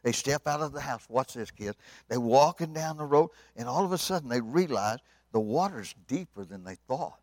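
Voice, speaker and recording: Dramatic revival preacher, dry sound. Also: male voice, medium pitch, lively intonation, normal speed, dry recording. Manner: dramatic storytelling, swinging loud to hushed. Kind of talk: sermon.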